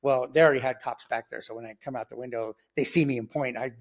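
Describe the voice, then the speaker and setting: A man, telling his life story in a casual, animated way, acting out quotes and laughing as he goes. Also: mid-range voice, quick pace. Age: 50s. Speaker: guest telling his testimony. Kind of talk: conversational storytelling.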